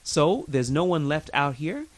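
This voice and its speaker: A man gives a recorded Arabic lesson at an unhurried, deliberate pace. His pitch swings widely as he drills each word again and again, keeping an easygoing, informal tone with the class. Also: big pitch swings. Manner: patient, drills pronunciation with repetition; chatty and informal with learners. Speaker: Arabic teacher.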